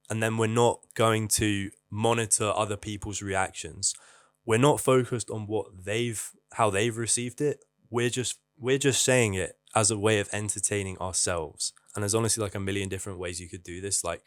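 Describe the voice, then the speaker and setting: Blunt young man, low voice. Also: no echo. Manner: candid, blunt, swears casually. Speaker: vlogger. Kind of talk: casual advice monologue.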